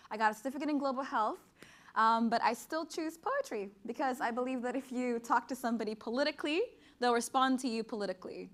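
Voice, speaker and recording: A woman's voice: a little high, fairly bright tone. A young woman from Sudan giving a conference speech and performing spoken-word poetry in an earnest, emphatic, rhythmic way. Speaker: speaker and poet. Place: conference stage before an audience.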